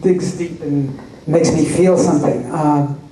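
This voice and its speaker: A man's voice: a little high, steady tone, a little slow, warm tone, slight background noise. A man answering audience questions as a guest at a fan convention panel, telling wry anecdotes. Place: large convention hall. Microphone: recorded from the audience. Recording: echoey hall recorded from far off.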